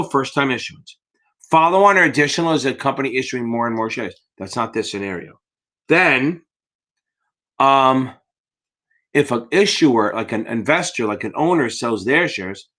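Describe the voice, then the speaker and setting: This man's mid-range voice has a fairly bright tone. Tired and yawning, he casually tutors securities-exam students on a live Q&A stream, talking bluntly and profanely and calling viewers baby.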